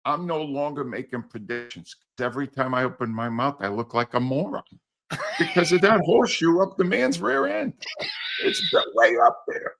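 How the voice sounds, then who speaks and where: An older man, a sports commentator, ranting sarcastically about coaching in a loud, exasperated way. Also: on the high side, expressive, normal speed, vocal fry. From United States. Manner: sarcastic, exasperated, wildly swinging emphasis. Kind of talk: animated radio-style rant.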